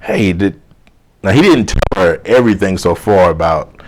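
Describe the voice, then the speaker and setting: Deep-voiced man telling a story. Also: normal speed, slight background noise. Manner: animated retelling full of quoted dialogue and "you know". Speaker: life coach. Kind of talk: casual storytelling.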